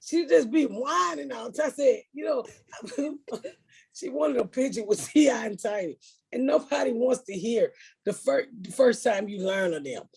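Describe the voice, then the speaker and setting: A woman's voice: on the high side, expressive, normal speed, gravelly, darkish tone, breathy edge. A woman comedian hosting a podcast, telling stories in a blunt, profane way. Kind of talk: casual chat.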